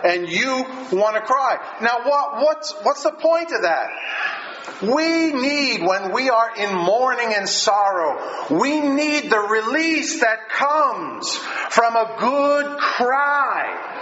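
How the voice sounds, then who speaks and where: A man preaching a sermon in an earnest, emphatic way, repeating phrases and pausing for effect. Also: extremely high pitch, big pitch swings, sharp tone. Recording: echoey room, dull lo-fi sound with faint hiss.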